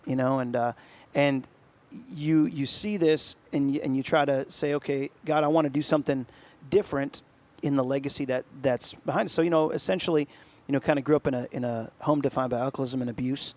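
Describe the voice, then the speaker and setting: A man's voice: mid-range voice, fairly even intonation, a little fast, hardly any pauses, a little mellow. A man from upstate New York, co-hosting a podcast, telling his life story in casual chat and acting out quoted voices. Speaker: podcast co-host.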